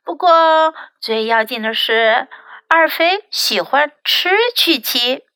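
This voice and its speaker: A woman English teacher reading a children's story aloud in two languages, explaining phrases in a slow, storybook manner. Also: high-pitched, pushed and bright, clean tone, no echo.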